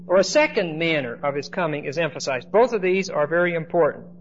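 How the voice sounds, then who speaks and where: High-voiced man teaching a Bible class. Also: sing-song, a little fast. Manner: repeats "okay?" to check on listeners. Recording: dull lo-fi recording with faint noise.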